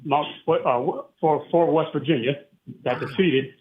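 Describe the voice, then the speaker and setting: A breathless man phoning into a talk radio show, his voice squeezed through a thin, tinny phone line. He rambles and stalls on fillers, growing heated as he goes. His voice sits a little higher than most men's. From Saratoga Springs, New York. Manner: agitated, rambling, halting with many fillers. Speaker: caller.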